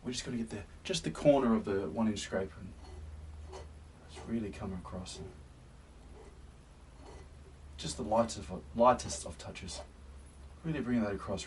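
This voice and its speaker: A man hosting a painting demonstration, gentle and encouraging, often sinking to a soft near-whisper. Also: mid-range voice, animated, brisk, long pauses. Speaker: painting tutorial host. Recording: slightly distant mic with faint hiss.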